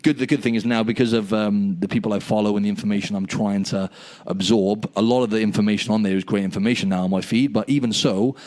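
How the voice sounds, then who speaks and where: A young man from the United Kingdom hosting a casual podcast chat over a video call, an animated storyteller who keeps saying "mate" and "you know what I mean". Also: lowish voice, fast talker. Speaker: podcast host.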